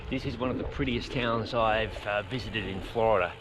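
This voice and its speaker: A chatty male cycling vlogger narrates a casual ride vlog while biking along rural roads outdoors, talking to dogs and to his viewers. His voice is on the low side at a moderate pace, and the outdoor camera audio is noisy.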